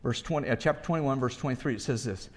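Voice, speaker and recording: Talking fast in a medium-pitched voice, a pastor delivers a conversational sermon. He throws out rhetorical questions and keeps restarting his sentences as he thinks.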